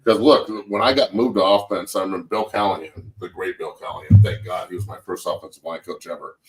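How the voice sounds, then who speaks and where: A deep-voiced man in his forties swaps football stories in casual sports-show banter, cursing freely and acting out what coaches said. His voice sits a little back from the microphone. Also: fast, distant mic, low-quality recording. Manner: profane, animated storyteller acting out quotes. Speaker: show host, former NFL lineman turned coach.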